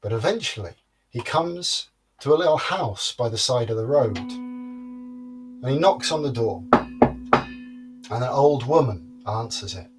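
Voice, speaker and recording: A man telling a folktale in a lively, rhythmic storytelling manner, with playful sound words. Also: medium pitch, measured pace, pauses often, over music.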